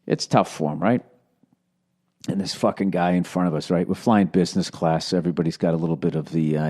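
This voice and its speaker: A man's voice: deep voice, steady tone, fairly quick, darkish tone. Profane rambling podcast host man. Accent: Boston. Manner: rambling, profane, sarcastic storytelling. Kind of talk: casual solo podcast monologue.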